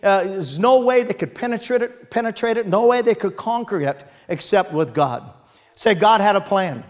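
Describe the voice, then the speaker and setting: This pastor's voice sits high, and he preaches at a moderate pace. Animated throughout, he retells scripture, shouts and calls for amens from the congregation.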